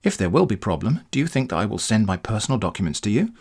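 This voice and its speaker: A man's voice: fairly low pitch, very animated, fast talker, darkish tone, husky, heavily acted. A man voicing a pushy, testy elderly male bank officer who is running a scam, reading the scam emails aloud. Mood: insistent. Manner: insistent, testy, keeps calling you brother.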